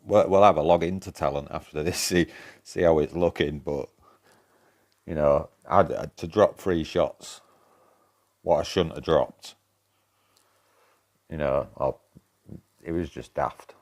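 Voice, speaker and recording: A man with a broad Yorkshire accent and a notably low voice, chatting loosely with his viewers during a live game stream. He swears freely and keeps up easy banter. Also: measured pace, pauses often, a little mellow. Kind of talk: casual live-stream chat.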